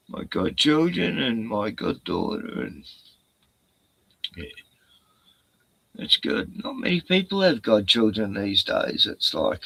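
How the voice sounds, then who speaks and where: Hosting a meandering livestream on his own, an Australian man swears heavily as he rants and reads comments from viewers. His fairly low, gravelly voice is bright and forceful, full of drawn-out fillers and restarts, captured with poor audio and no room sound.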